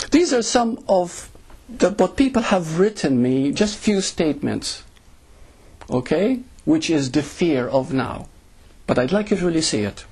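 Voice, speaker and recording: A man leads a spiritual satsang talk in a somewhat high, gravelly voice. His tone is husky and a little rough. He talks to the group in a rhetorical way and keeps asking "you see?". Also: darkish tone. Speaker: spiritual teacher.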